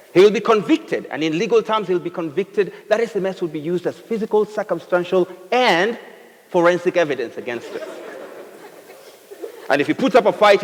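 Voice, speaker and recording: A man with a Kenyan accent giving a humorous talk to a live audience, telling comic stories and teasing the crowd. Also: high voice. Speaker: speaker. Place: event hall with a live audience. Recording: reverberant hall, faint noise.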